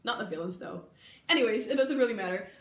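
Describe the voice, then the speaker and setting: Young woman, Dutch accent, chatty, giggly, lots of ums, slightly high voice, roomy echo. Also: expressive, fast talker, fairly bright tone. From Netherlands. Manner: chatty, giggly, many ums, acts out quoted people. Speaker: vlogger recalling an exchange year. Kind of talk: casual storytelling to camera. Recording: echoey room.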